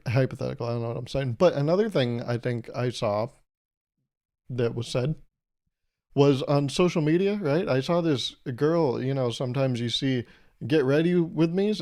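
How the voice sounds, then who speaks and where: A man in his twenties talks on his own podcast in a loose, rambling way. He keeps poking fun at himself with quick asides, and his voice sits at an ordinary middle pitch. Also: dark tone. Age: 20s. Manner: rambling, self-deprecating, jokey asides. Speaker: podcast host. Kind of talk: casual solo podcast monologue.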